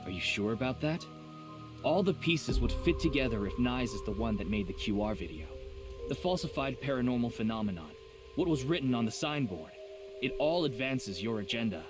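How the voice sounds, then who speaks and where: An actor playing a confident, skeptical young male detective who dismisses ideas flatly, in a video game. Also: medium pitch, a little fast, close to an everyday voice. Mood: accusing. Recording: game audio with music under it.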